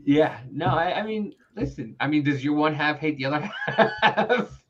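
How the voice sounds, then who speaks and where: A man hosting a podcast chats in a casual, animated way, often leaping into high-pitched voices to quote people. His voice sits fairly high, and the sound is muffled and lo-fi. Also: moderate pace, slight background noise. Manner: animated storyteller, jumps into high voices when quoting people. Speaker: podcast host.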